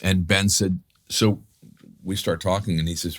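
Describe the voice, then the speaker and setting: Low voiced new york guy, swears a lot, restarts sentences, tells long stories on a podcast. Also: normal speed. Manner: animated, profane, restarts a lot, acts out quotes. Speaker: guest actor. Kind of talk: storytelling in a casual interview.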